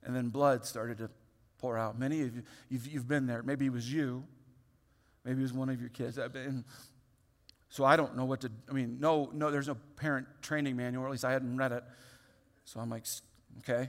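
A male pastor in his thirties tells a story from the pulpit, lively and open, often stopping and restarting his sentences. His mid-pitched voice carries a long reverb from a large hall. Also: moderate pace, pauses often. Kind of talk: sermon storytelling.

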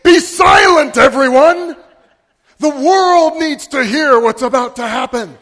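A man shouting as a thunderous God on his throne. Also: very high voice, takes it slowly, in a large hall, pitched above the performer's own voice, full character voice. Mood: commanding. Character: booming commanding God on his throne, male.

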